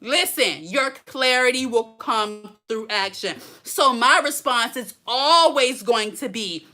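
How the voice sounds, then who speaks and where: A woman coaching viewers on a live stream, energetic and preachy, full of slang and laughter, talking into her phone. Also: on the high side, slow. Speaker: blogging coach hosting a live Q&A. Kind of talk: casual live-stream talk. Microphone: phone held close.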